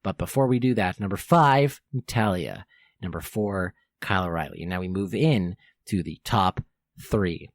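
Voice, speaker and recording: A man's voice: sits low, moderate pace, dry recording, studio quality. Eager young man hosting a wrestling countdown. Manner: enthusiastic fan, rambling with fillers and self-corrections. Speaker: podcast host. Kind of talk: wrestling podcast countdown commentary.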